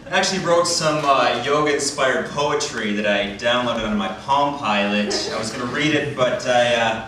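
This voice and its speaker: A man's voice: mid-range voice, moderate pace, distant mic. Dry self-deprecating comic guy, echoey club, crowd laughing. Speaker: stand-up comedian. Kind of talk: stand-up comedy set.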